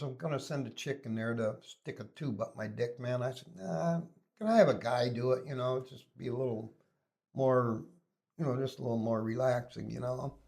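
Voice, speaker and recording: A man with a slightly higher voice rambles through a crude story, swearing freely. His speech is loose and conversational, full of restarts and asides. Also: dark tone. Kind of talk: casual storytelling.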